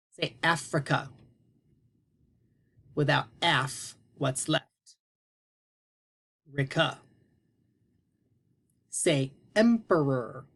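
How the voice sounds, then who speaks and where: A man teaching a phonics lesson to young children, prompting them slowly and deliberately. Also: a little high, vocal fry, a bit bright.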